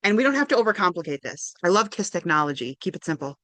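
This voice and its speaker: Female counselor leading a video-call workshop; warm-hearted encouragement, lower register. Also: big pitch swings, fast, dry recording. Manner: upbeat, encouraging, often adds "right?". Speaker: counselor and presenter. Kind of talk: interactive online workshop presentation.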